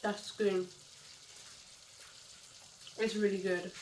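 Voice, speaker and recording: A woman's voice: medium pitch, flat delivery, drawn-out words, a little mellow, a little hiss or hum, low-quality recording. A young woman with a cold, chatting casually through a home cooking vlog, talking in scattered bursts with fillers and self-corrections. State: has a cold. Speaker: cooking vlogger. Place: home kitchen with frying food.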